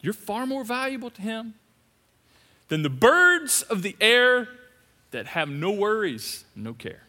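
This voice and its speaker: A man preaching a sermon as pastor, swinging between loud emphatic repetition and hushed asides. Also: high-pitched, very animated, takes it slowly. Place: large church hall. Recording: long reverb of a big hall.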